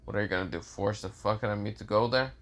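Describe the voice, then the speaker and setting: A man's voice: on the low side, fast talker, fairly bright tone. A man voicing a sleepy, foul-mouthed teenage boy who is annoyed and threatening.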